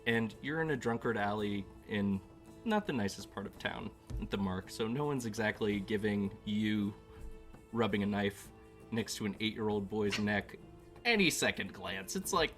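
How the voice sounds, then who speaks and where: A man's voice: fairly low pitch, moderate pace, soft background music. A man narrating as game master of a tabletop game, joking and laughing easily as he describes scenes. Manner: relaxed, joking, laughs often.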